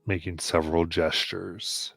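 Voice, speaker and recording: A man runs a tabletop game on a live stream, his voice very low and his pace slow. He pauses often with ums and uhs as he describes the scene. The sound is dry and close, with faint music underneath. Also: level tone, vocal fry, fairly bright tone, slightly rough, no echo. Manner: halting, many ums and uhs. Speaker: game master.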